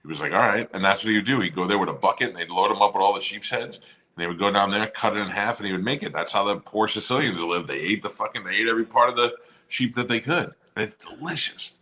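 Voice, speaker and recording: Fast-talking low-voiced man swapping stories. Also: bright, forceful tone. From Staten Island area, New York. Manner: crude, storytelling, swears freely. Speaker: podcast co-host. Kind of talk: casual chat.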